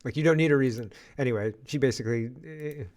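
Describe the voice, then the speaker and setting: A man hosting a political commentary stream, rambling and sarcastic. He sounds exasperated as he talks, his voice at an ordinary middle pitch. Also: fast, darkish tone, a little hiss or hum.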